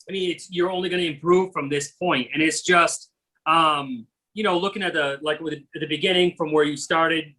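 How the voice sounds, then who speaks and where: A man hosting an interview, reacting to his guest and talking in halting, restarting sentences. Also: fairly high pitch, bright, forceful tone, rough recording. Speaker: host. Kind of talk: casual interview on a video call.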